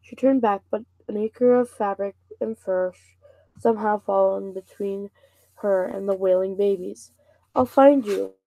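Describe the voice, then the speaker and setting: A woman's voice: mid-range voice, level tone, unhurried, mellow, dry recording, rough recording. A woman casually reading a novel aloud, stumbling and restarting over words now and then. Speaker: reader and channel host.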